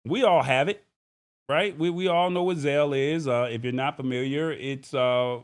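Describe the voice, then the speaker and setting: A man's voice: a little high, moderate pace, smooth. A man hosts a live tech show in a casual, chatty way. He talks to his viewers directly, with an easygoing, conversational flow. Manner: relaxed, chatty, thanks viewers by name. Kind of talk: casual livestream chat.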